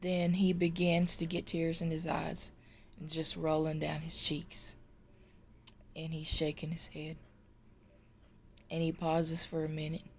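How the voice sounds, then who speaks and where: Woman storyteller, low and unhurried, jokes to camera. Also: monotone, slight background noise. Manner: slow, drawn-out delivery. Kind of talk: telling a joke to camera.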